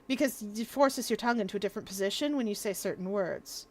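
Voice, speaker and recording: A woman's voice: medium pitch, fast talker. A young woman streaming from home, chatting casually and explaining things at length, laughing often. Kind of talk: casual livestream chat.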